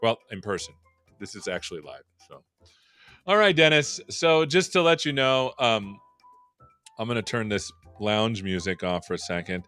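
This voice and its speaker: Hosting a live tech stream, a man jokes about himself in chatty, self-deprecating banter, his voice run through a vocal processor that adds an echo. His tone is pushed and bright, lowish in pitch, expressive and moderately paced, with faint music in the background.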